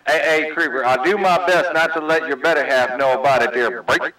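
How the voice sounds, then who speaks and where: A mid-pitched man runs a CB radio chat with friendly, joking banter and plenty of radio lingo. His voice sounds roomy and a little distant. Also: brisk, sharp tone. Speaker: CB radio host.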